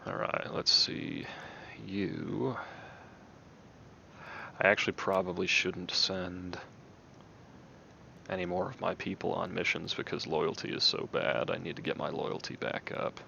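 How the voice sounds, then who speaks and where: A man hosting a gaming video, giving relaxed commentary and thinking aloud as he plays. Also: sits low, measured pace, vocal fry, long pauses, lo-fi sound, slight background noise. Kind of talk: casual game commentary.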